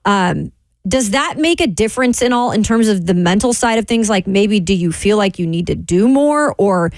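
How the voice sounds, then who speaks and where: A woman's voice: mid-range voice, animated, normal speed, no room sound, studio quality. A woman co-hosting a sports radio show, asking questions with hesitant fillers.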